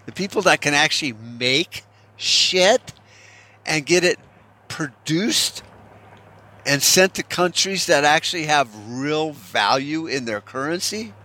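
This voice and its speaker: Forceful, profane ranting man. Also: a little high, expressive, slow pace. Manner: rambling, profane, sarcastic. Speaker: commentator. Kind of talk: unscripted ranting commentary.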